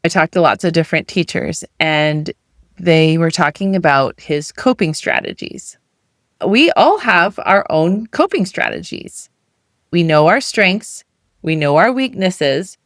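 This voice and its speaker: A woman's voice: on the low side, lively intonation, a little slow, dry recording, clean studio sound. A middle-aged woman coach giving a motivational talk in a conversational way, full of rhetorical questions. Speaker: weight loss coach.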